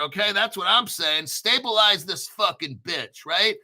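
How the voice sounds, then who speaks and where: A foul-mouthed male crypto host rambles through a news article in live commentary, boasting and cracking crude jokes between sentences. His voice is high for a man, sharply bright and forceful with a cutting edge, animated yet at a measured pace. He's crude, profane, boastful, and full of jokey asides.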